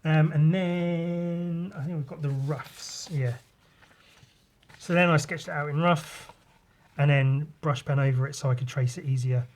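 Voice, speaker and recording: With a fairly high, slightly mellow voice and mostly even intonation, the podcast host speaks a little slowly over a faint hiss or hum. He rambles casually through his comic pages, swears freely, and does sound effects.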